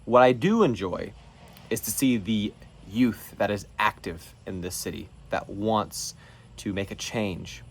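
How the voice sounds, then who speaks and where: A man from North Carolina holds forth in a solo monologue for his show. His voice sits a little low, and he talks in an emphatic, preachy way, pressing hard on his points. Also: unhurried, slightly rough. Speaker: show host. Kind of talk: political monologue.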